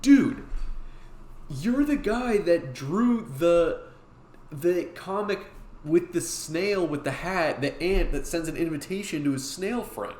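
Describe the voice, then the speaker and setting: A man putting on the voice of a young male bartender who is an excitable, laid-back dude with slangy talk. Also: fairly high pitch, fast, few pauses, reverberant, voice pushed up, lightly acted. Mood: excited.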